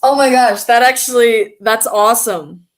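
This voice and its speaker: A woman chatting casually on a live stream, reading viewer comments and reacting with excitable, frequent laughter. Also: on the high side, normal speed.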